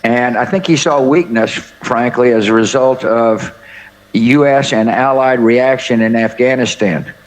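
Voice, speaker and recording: A man in his seventies from the United States, a former head of state telling anecdotes in an interview in a folksy, halting way full of "uh" fillers. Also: medium pitch, low-quality recording.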